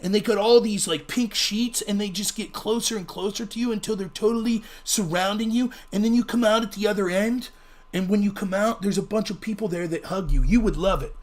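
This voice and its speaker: A man's voice: high voice, a little fast, close to an everyday voice. A man doing a drawling laid-back hippie guy. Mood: dreamy, earnest. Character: mellow preachy male festival hippie.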